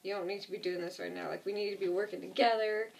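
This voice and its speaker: An earnest man searching for his family, lecturing firmly and quickly, as a woman quotes him. The voice has a gravelly texture and sounds somewhat far from the mic. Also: medium pitch, steady tone, darkish tone, lightly acted. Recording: distant mic.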